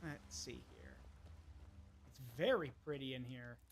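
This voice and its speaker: Gaming streamer, casual commentary, lively up-and-down pitch, faint background hum. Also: a little slow. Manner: chatty, talks to chat and self while playing.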